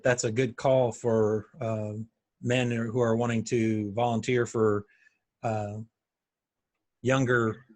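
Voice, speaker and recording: A man hosts a podcast interview and poses his questions in a measured, hesitant way. He pauses on fillers as he works out his thoughts. His voice is mid-pitched and even. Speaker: podcast host.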